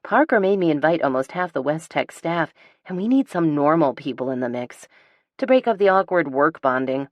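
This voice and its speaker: A woman voicing a bubbly, pushy young woman who insists on getting her way, talking brightly over every objection. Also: sits low, expressive, normal speed, dry recording, highs cut off. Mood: insistent.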